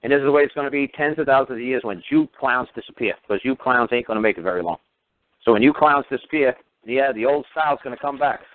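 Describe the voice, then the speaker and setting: A man's voice: medium pitch, fast talker. Sarcastic man ranting over a tinny line. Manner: combative, mocking, crude. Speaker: radio talk show host. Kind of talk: ranting radio lecture. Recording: tinny phone-line radio audio.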